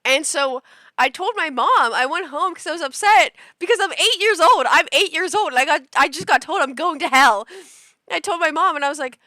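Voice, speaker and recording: Young woman streamer, bright and high-ish voice, animated rambling storyteller, dry close sound. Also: brisk, dry recording. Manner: animated and rambling, with frequent restarts, laughs and acted-out quotes. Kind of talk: casual storytelling to a live chat.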